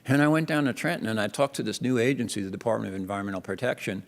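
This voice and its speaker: A man's voice: lowish voice, very fast. An older man from New Jersey giving a conference keynote talk in a lecture hall, telling a story with restarts and lifting his voice on emphasis. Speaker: keynote speaker. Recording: reverberant hall.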